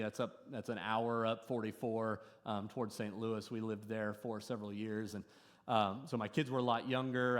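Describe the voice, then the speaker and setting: A middle-aged man preaching a sermon to his congregation, telling a story with sudden swings between loud and soft. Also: mid-range voice. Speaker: pastor. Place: church service before a congregation.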